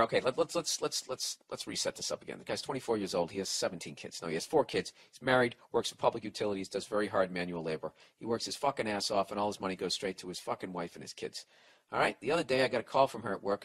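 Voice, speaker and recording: A man's voice: medium pitch, fairly bright tone, rough recording. A man hosting a podcast, giving blunt, profane advice in a sarcastic rant.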